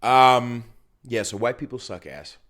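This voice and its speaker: A man's voice: mid-range voice, expressive, measured pace, a bit bright. A man hosting a solo podcast, ranting and riffing with lots of profanity while getting over a cold. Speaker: podcast host. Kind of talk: solo comedic podcast rant. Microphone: filming himself on camera.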